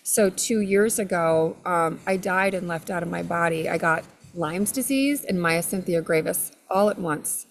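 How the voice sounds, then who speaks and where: A middle-aged woman, an energy healer, telling her story as a guest with an expressive, loud, laughing manner. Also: fairly low pitch, a little slow, few pauses, a little hiss or hum. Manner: expressive, laughs often, self-described loud. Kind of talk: animated storytelling in conversation.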